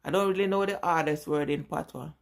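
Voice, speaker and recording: A woman's voice: low voice, fast, creaky. Jamaican woman chatting casually. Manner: chatty, rambling, answers viewer questions. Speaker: vlogger. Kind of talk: casual live chat with viewers.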